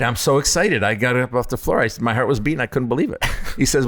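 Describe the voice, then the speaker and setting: At his distillery, a middle-aged founder from upstate New York tells stories in a casual interview, acting out the people in them with big pitch jumps. He talks at a quick pace with hardly any pauses, over soft background music.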